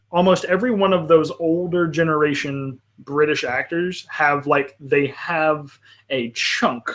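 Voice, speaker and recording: Chatty man with a raised voice. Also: a little high. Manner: rambling, restarts often, apologetic asides. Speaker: panel host. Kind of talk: casual live panel chat.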